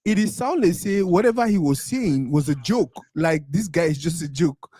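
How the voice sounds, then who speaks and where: A man hosting an interview, relaxed and laughing as he asks questions. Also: on the high side, moderate pace, slightly rough, no room sound, clean studio sound. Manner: relaxed, laughing, backchannels a lot. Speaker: interviewer host. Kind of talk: casual interview chat.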